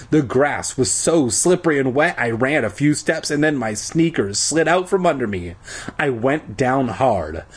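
A man reading a children's book aloud in a comedic way, adding crude joking asides. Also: breathy edge. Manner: lively, rises high for quoted lines. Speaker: reader.

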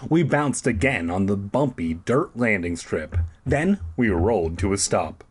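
Slow, sarcastic man reading aloud. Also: on the low side, breathy edge. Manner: sarcastic, profane, deadpan. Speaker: audiobook reader. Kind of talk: comedic reading with crude asides.

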